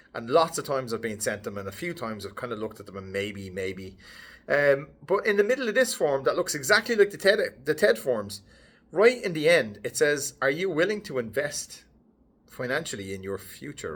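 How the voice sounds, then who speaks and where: Casting: middle-aged man, vlogger recounting a story to camera, animated with a voice that bounces up and down. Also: brisk. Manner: animated, lively, pitch swinging up and down. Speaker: headshot photographer and vlogger.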